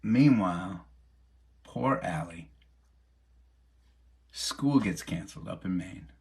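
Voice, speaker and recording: A middle-aged man telling a casual, animated story to his online audience, peppered with "right?" and the odd swear. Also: low voice, takes it slowly, creaky. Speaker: musician hosting an online show.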